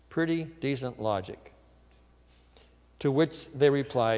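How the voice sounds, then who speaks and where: A male pastor preaching a sermon, telling the story lively and acting out the people in it. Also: on the high side, normal speed, long reverb tail. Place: church.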